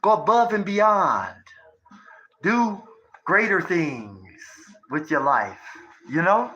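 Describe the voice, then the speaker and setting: Thirties male streamer, unhurried drawl, rambling profane rants with rhetorical jabs at the audience. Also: sits high, sing-song, sharp tone, dull audio. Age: 30s. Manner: profane, lecturing, conspiratorial, asks rhetorical questions. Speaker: livestreamer. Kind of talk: rambling livestream monologue.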